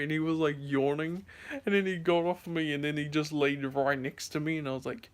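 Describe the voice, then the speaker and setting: Young male vlogger, tired, higher-pitched, rambling casual storyteller. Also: fairly quick. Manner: rambling, many fillers and restarts. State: sleepy.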